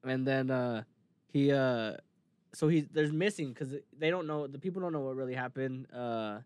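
A man's voice: medium pitch, normal speed, clear, resonant tone, no echo. A young man in casual chat, retelling scenes with lots of swearing and laughter. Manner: animated retelling, swears freely, laughs often.

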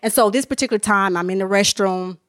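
A woman's voice: medium pitch, fast, a bit bright, no room sound, studio quality. A woman speaks earnestly and emotionally as a podcast guest, sharing her faith testimony in a casual, candid way with many restarts. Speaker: author and minister, podcast guest. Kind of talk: candid personal testimony in conversation.

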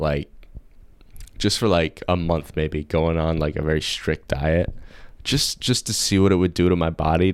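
Deep-voiced young man, rambling. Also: clean tone, no room sound. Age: young adult. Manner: rambling, slangy, full of fillers. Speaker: podcast host. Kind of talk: casual solo podcast chat.

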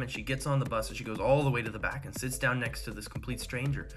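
A man telling a long joke as a story, in an animated storytelling manner. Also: medium pitch, very fast, few pauses, over music.

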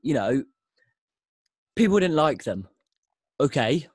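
A man's voice: mid-range voice, big pitch swings, slow pace, slightly rough, dry recording. A man hosting a casual podcast chat, talking enthusiastically and restarting often. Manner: enthusiastic, rambling, with frequent restarts. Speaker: podcast host.

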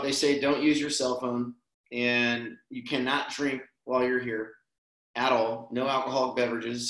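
A man telling a personal story in casual, rambling conversation, tossing in "man" and "dude" as he goes. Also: mid-range voice. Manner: relaxed, rambling, peppers speech with "man" and "dude". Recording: roomy echo.

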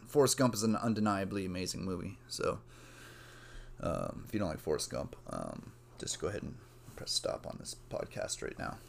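Young guy doing a solo podcast, low-ish voice, rambles and cusses a lot. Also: gravelly. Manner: meandering, casual, swears freely. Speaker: podcast host.

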